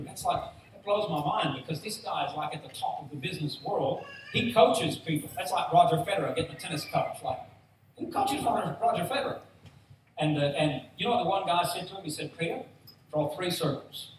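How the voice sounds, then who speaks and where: A man preaching a sermon, telling stories with animated voices for each character. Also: on the high side, fairly quick. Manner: animated storytelling, acting out voices. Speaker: pastor. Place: church hall. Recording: distant roomy hall mic with faint noise.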